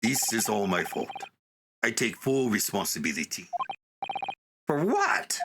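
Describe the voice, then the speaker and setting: A man putting on a gruff fake-Russian inspector. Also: wildly swooping pitch, heavy background noise, heavily acted. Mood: grave. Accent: mock Russian accent. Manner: grave, apologetic, slow and low. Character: solemn undercover male police inspector. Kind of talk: game dialogue read-through. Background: game music.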